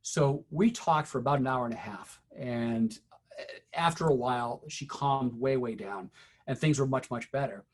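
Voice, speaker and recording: A middle-aged man giving a teacher training, telling a story in a conversational, unhurried way with many fillers. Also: medium pitch, slight background noise.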